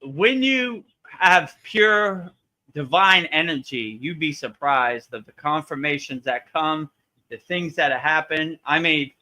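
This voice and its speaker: A man's voice: fairly high pitch, expressive, slow pace, sharp tone. A man hosting a live spiritual Q&A, chatting casually and animatedly, acting out quotes and laughing often. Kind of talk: live Q&A chat, storytelling.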